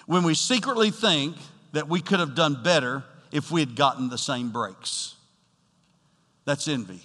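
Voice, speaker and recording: Bright-voiced man preaching in an echoing hall. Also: fairly high pitch, unhurried. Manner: preaching with rising emphatic bursts and direct address. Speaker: pastor. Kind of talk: sermon.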